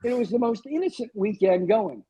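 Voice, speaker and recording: A man's voice: high voice, expressive, a little fast, mellow, husky, rough recording. A man in his sixties, a guest on a podcast, telling wry, self-deprecating stories. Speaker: guest, TV weatherman. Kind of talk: storytelling in a podcast interview.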